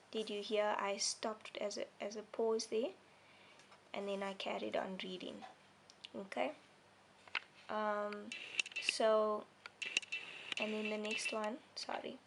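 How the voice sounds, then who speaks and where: Woman teacher talking to little kids, slow and patient, bit of vocal fry, keeps asking okay?. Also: mid-range voice, slight background noise. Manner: patient, simple explanations, checks in with "okay?". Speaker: primary school teacher. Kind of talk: recorded lesson for young children.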